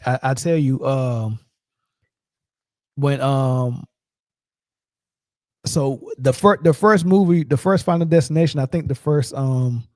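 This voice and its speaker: A man's voice: mid-range voice, mellow, no echo, clean studio sound. A man in his forties hosting a sports show, talking loose and slangy in a rambling, storytelling way. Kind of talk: casual sports talk.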